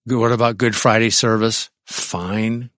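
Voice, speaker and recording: A man preaching as a pastor, speaking conversationally and reading aloud from a book with animated asides. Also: fairly low pitch, a little slow, dry recording, studio quality.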